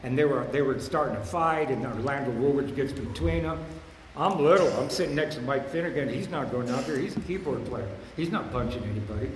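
A man in his sixties telling his recovery story at a meeting, rambling and repeating himself in blunt, streetwise talk, getting louder and higher on his punchlines. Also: brisk. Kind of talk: personal recovery share. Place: meeting hall. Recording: echoey hall with room hum.

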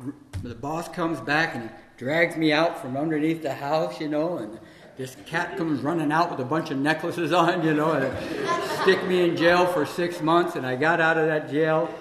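A man's voice: on the high side, fairly bright tone. Rambling man telling a story in an echoey hall. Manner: rambling, conversational, heavy with fillers like "you know" and "man". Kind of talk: live personal storytelling monologue. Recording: echoey hall with faint noise.

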